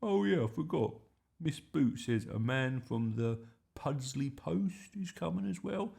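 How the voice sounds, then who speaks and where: A man's voice: on the high side, animated, unhurried, vocal fry, warm tone, voice pushed up, full character voice. A man voicing a mischievous, stubborn six-year-old boy in a read-aloud storybook, indignant and protesting. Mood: boastful.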